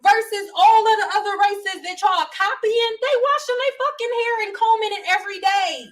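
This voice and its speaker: Brief: exasperated woman, 30s, profane rant, bright high voice. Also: poor audio. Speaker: vlogger. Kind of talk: profane ranting commentary.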